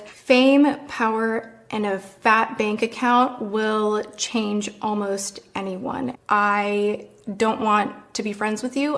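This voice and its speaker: A woman influencer speaking to camera in a vlog, emphatic, indignant and blunt. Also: a little high.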